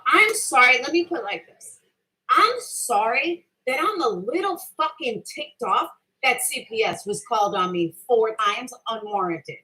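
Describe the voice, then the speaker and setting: A middle-aged streamer argues with her chat in a heated, casual rant laced with swearing, defending herself and saying the same thing over and over. Her voice sits on the high side and is expressive, bright and forceful, a little slow, with poor audio.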